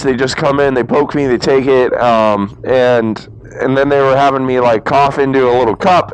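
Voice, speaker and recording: A man's voice: mid-range voice, slight background noise, rough recording. A young man who tells a long story to camera in a loose, rambling way. He often laughs and acts out what he and others said. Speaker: motovlogger.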